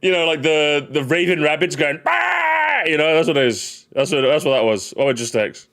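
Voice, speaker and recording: A man's voice: on the high side, brisk, fairly bright tone. A man hosting a casual gaming livestream, rambling jokily, repeating phrases and calling his viewers gamers. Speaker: livestream host.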